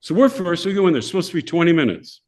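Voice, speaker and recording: A man's voice: sits high, very fast. An older man, a podcast guest, telling casual stories and acting out the voices of people in them. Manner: animated, acts out voices of people in his stories. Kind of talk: casual storytelling.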